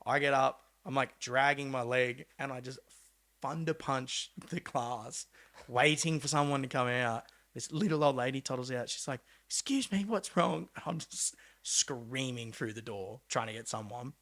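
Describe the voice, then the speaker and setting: A young Australian man, a pro mountain biker, telling a story in a casual, animated way, acting out quotes with laid-back slang and swearing. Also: medium pitch, normal speed. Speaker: podcast guest, pro mountain bike rider.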